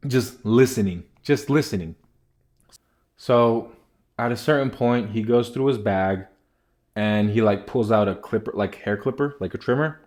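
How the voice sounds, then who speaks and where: A man's voice: on the low side, unhurried, a little mellow. A young man telling a rambling casual story, packed with filler words.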